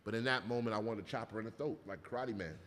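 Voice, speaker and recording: A man in casual comedic chat, telling animated, profane stories with acted-out quotes. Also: fairly low pitch, rapid-fire, slight background noise. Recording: long hall reverb.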